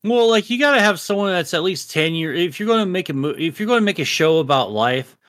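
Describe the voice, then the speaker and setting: A man's voice: high voice, expressive, fast, a bit bright, dry recording, clean studio sound. A man in his thirties, a podcast co-host, chatting casually and ranting with lots of swearing. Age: 30s. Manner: profane, emphatic rants. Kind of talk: casual chat.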